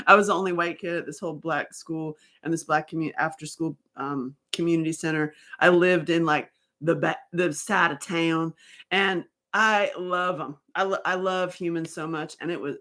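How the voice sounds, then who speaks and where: A woman talking casually to her viewers about healing, rambling and animated, often breaking off mid-sentence. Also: lowish voice. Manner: rambling, animated, self-interrupting. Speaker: author and survivor advocate. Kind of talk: casual livestream talk.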